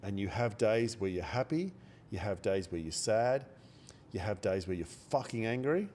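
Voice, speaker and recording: A man with a cold, talking quietly and bluntly into a close microphone during a day-trading live stream, swearing now and then. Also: fairly low pitch, expressive, normal speed, slight background noise. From Australia. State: has a cold. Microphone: microphone held very close.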